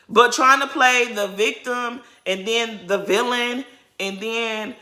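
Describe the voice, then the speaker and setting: A woman giving opinionated, animated commentary as she recaps a reality TV episode for her viewers. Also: fairly high pitch, slow pace. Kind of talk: casual commentary vlog.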